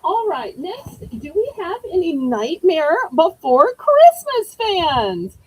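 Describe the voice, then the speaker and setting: A woman's voice: extremely high pitch, huge pitch swings, takes it slowly, dry recording, low-quality recording. A woman with a Southern accent hosting a live-stream auction, chatting in a folksy way and greeting viewers by name.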